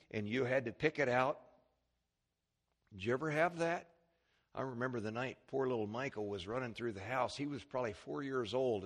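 Middle-aged man, pastor, sermon delivery, lively storytelling, mid-pitched. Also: gravelly. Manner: storytelling preacher, acts out voices in his anecdotes.

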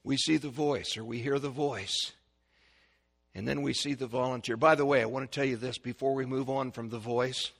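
Bright-voiced middle-aged man preaching. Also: mid-range voice, moderate pace, vocal fry. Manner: animated preaching, acting out the voices in stories. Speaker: pastor. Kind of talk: sermon.

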